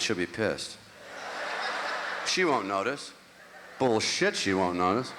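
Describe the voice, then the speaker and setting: Animated ranting stand-up comedian in a hall. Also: male voice, moderate pace, long pauses. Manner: animated, ranting, swings between grumbling and squeaky outbursts. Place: large theater on stage. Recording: echoey hall, clear crowd noise. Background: audience.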